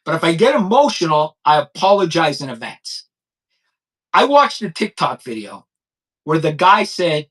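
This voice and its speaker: Blunt, lively-voiced man in his fifties. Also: fairly high pitch, poor audio. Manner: blunt, repetitive, heated; subdued and halting when recounting personal loss. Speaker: crime commentary host. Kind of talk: unscripted monologue to camera.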